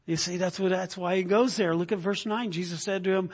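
A man's voice: high voice, moderate pace, husky. A man preaching a verse-by-verse sermon as a pastor, often checking in with his listeners by asking "right?". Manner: keeps checking in with the congregation with "right?". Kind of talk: expository sermon. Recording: long hall reverb.

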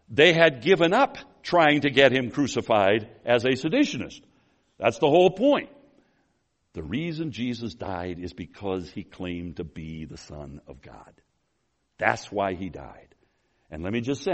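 A man preaching an expository sermon, telling the story with animation, swinging between loud emphasis and quiet asides, calling the congregation folks and restarting his phrases. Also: on the low side. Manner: addresses the congregation as folks, with restarts and apologies for running long.

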